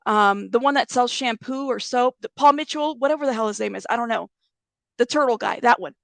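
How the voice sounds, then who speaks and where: A woman talks to her channel audience in a loose, rambling commentary, restarting sentences and swearing freely. Her voice sits a little high with a gravelly fry. The recording is dry and close. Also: brisk, fairly bright tone, no echo. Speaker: YouTube commentary host. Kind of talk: casual commentary.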